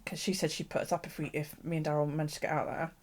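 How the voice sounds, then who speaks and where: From her craft desk at home, a British woman hosts a live stream, rambling casually with viewers, swearing freely, and laughing and saying "um" often. Her voice is low-pitched and a little mellow, with little pitch movement, and she talks at a racing pace.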